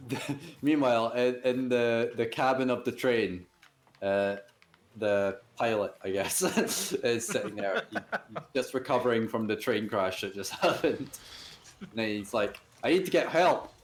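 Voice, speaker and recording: A man's voice: medium pitch, measured pace. A man casually joining in on a stream, giggly and riffing with frequent laughs. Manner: giggly, riffs with laughs and restarts. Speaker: stream co-host. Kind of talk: casual banter.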